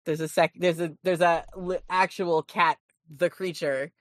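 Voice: medium pitch, steady tone, measured pace, a bit bright, no echo, studio quality. A game master narrating a tabletop game in a rambling, self-interrupting way, swearing casually.

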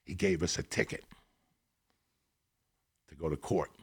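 A man telling a personal story as a guest, animated and heavy on profanity. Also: deep voice, unhurried, husky. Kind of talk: storytelling in a conversation.

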